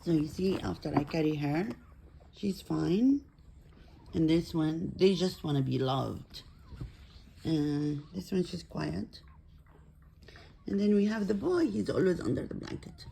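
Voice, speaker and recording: A woman films her newborn puppies at home on her phone, speaking slowly and warmly. Her voice is mellow with a light gravelly edge. She swings between calm explaining and lively baby talk. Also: a little hiss or hum. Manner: switches between plain explaining and high-pitched baby talk. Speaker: dog owner filming her puppies.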